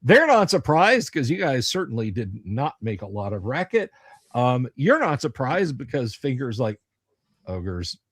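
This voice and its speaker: A man working as dungeon master, describing a scene in a halting way with many pauses and fillers. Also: mid-range voice, sing-song, husky, no room sound. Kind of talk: running a tabletop game on a livestream.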